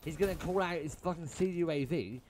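In a fairly high voice and at a slightly quick clip, a young man who makes gaming videos vents and swears while replaying his own match. Gunfire and shots from the game ring loudly behind him as background noise.

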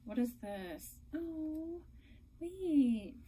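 Slow, gushing woman unboxing gifts. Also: high-pitched, sing-song, a little hiss or hum, low-quality recording. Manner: gushing, emotional, breaks into soft whispers. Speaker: reborn doll collector vlogger. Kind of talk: casual unboxing vlog.

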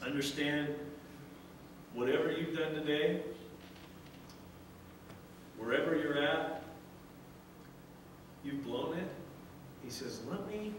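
A man's voice: medium pitch, expressive, a little slow, pauses often, background noise. A middle-aged male pastor preaching a sermon earnestly, often restarting phrases and acting out a father's words. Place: church sanctuary. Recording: echoey church sanctuary from far off.

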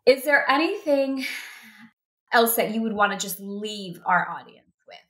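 A woman's voice: medium pitch, expressive, a little slow, sharp tone, roomy sound. A woman hosting an interview podcast, talking effusively with emotional bursts of praise. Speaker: podcast host. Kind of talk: warm interview chat.

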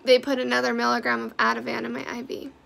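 A woman's voice: fairly high pitch, level tone, fast talker, creaky, a bit bright. A woman giving a blunt, heated personal vlog update who swears freely. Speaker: vlogger sharing a personal health update.

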